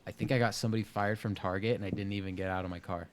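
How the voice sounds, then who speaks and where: A young man co-hosting a casual podcast, telling a story in an animated, laughing way. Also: lowish voice, rapid-fire. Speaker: podcast co-host.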